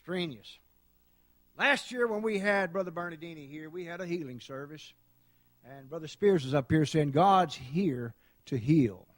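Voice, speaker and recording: A middle-aged man preaching a sermon, telling folksy stories and building to loud shouts. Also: fairly high pitch, moderate pace, no room sound. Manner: folksy storytelling, dramatic swings to loud shouting. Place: church sanctuary.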